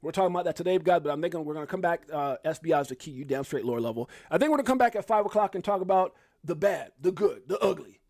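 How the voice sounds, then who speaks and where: A man hosting a hyped livestream with a Chicago accent, talking fast and excitably and shouting out his viewers. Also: fairly high pitch, dry recording, clean studio sound. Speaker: livestream host. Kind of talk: hyped casual livestream chat.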